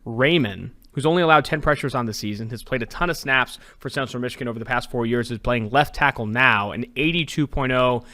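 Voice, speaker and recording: A man with a bright, forceful voice briskly runs through a ranked list of prospects on a podcast. He keeps it casual and jokey between the names. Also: mid-range voice. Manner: brisk list-reading, joking. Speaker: draft analyst co-host. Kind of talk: casual sports podcast, reading rankings.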